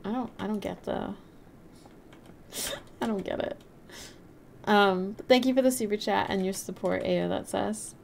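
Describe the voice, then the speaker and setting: A woman's voice: mid-range voice, measured pace, creaky, long pauses, a little mellow, a little hiss or hum. A woman live-streaming a game, chatting casually, rambling and reading out and answering her chat. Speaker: livestreamer.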